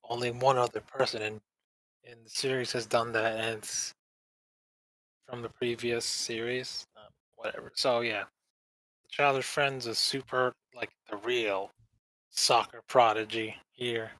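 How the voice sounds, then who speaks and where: A man in a casual podcast chat, talking in a loose, rambling way full of slang and mid-sentence restarts. His voice is mid-pitched and recorded close and dry, with no room sound. He breaks into exaggerated impressions of characters now and then. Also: level tone, measured pace, a bit bright, dry recording, poor audio. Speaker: podcast co-host.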